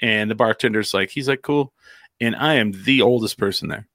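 A man's voice: lowish voice, brisk, pushed and bright, no echo, studio quality. A man from New Mexico hosting a podcast, telling a story in a casual, rambling and profane way. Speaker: podcast host.

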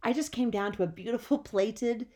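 Brief: woman co-host, 30s, dry jokes, slightly high voice, casual banter. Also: normal speed, darkish tone. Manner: joking, sarcastic, acts out kids' whiny voices. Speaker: podcast co-host. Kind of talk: casual chat.

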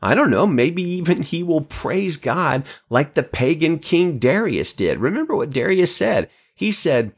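A man's voice: fairly high pitch, big pitch swings, measured pace, few pauses, husky. A man giving an enthusiastic devotional Bible teaching, emphatic, with wry asides.

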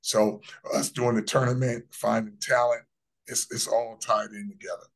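A man's voice: medium pitch, level tone, moderate pace. A man in his fifties talking as a guest in a casual interview, brash and boastful, with emphatic delivery. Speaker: podcast guest.

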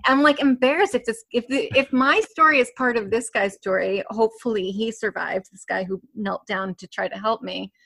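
A woman's voice: medium pitch, moderate pace, vocal fry, few pauses, bright, forceful tone. A woman guest telling a personal story in conversation, rambling with many fillers and restarts and nervous laughs. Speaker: interview guest.

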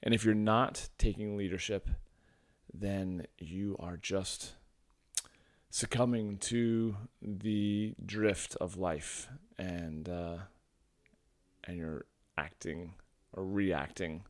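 Low-voiced man musing on a podcast. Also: steady tone, extremely slow, no echo, studio quality. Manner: reflective, thinking aloud with many fillers and restarts. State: low early-morning voice. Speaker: podcast host and men's coach. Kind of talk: casual solo podcast monologue.

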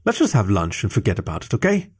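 A man's voice: fairly low pitch, wildly swooping pitch, fast, a little mellow, husky, heavily acted. A man voicing a friendly, slightly nervous young male badger in a read-aloud furry story, chatty and eager.

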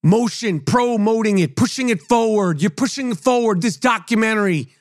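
A man's voice: high-pitched, moderate pace, no echo, studio quality. A man hosting his own podcast, ranting bluntly and profanely about basketball players. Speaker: podcast host. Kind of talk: profane sports rant.

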